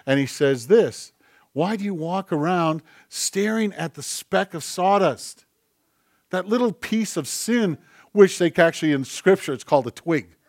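A man's voice: medium pitch, no room sound, studio quality. Impassioned male pastor preaching a sermon. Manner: dynamic, swings from loud emphatic repetition to soft intimate tones; conversational, tells anecdotes with acted-out quotes.

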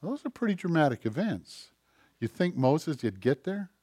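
A man preaching a sermon, acting out voices and swinging between loud emphatic lines and hushed asides. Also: on the high side, very animated, normal speed, breathy edge, dry recording, clean studio sound. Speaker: pastor.

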